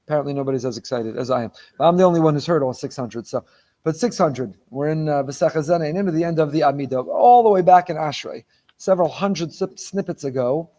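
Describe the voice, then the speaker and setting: A rabbi giving a sermon on the weekly Torah portion. He asks rhetorical questions, stacks phrases for emphasis, and mixes Hebrew terms into his English. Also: a little high. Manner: animated, repeats phrases for emphasis.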